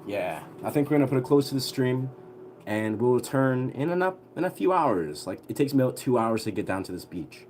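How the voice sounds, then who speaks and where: Young man, livestreamer, casual storytelling, rambling, filler-heavy, medium pitch. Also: expressive, fairly quick, a little mellow, a little hiss or hum.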